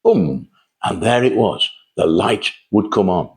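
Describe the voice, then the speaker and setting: Older man, very low voice, chatty rambling storyteller, casual monologue. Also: a little slow, creaky. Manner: chatty, rambling, anecdotal with restarts. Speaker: host telling sales stories.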